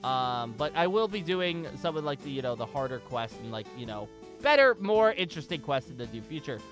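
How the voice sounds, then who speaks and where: A man's voice: medium pitch, very animated, a little fast, a bit bright, soft background music. A man casually commentating while he plays a video game, rambling and thinking aloud with frequent restarts. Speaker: gaming channel host.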